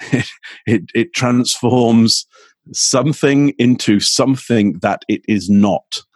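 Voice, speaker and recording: A man speaking as a communications expert guest in an interview, energetic and acting out little exchanges as he explains. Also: slow pace, no echo. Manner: energetic, acts out quoted exchanges with rising pitch. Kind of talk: animated interview answer.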